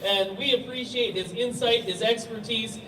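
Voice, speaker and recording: A middle-aged man with a fairly high voice emcees an outdoor rally, telling jokes and laughing at them. His voice reaches the mic through a stage PA from far off, roomy and echoing, over clear outdoor noise. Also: steady tone, normal speed. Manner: storytelling, laughs at own jokes. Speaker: rally emcee and gun dealer. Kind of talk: joking stage emcee speech. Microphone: stage microphone heard through PA from afar. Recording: echoey PA sound from far off.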